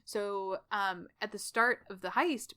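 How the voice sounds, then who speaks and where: A woman co-hosting a podcast, casually recapping a story with lively quoted dialogue and frequent laughter. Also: medium pitch, clean tone. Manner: animated retelling with quick voiced quotes and laughs. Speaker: podcast co-host. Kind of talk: casual fanfic recap chat.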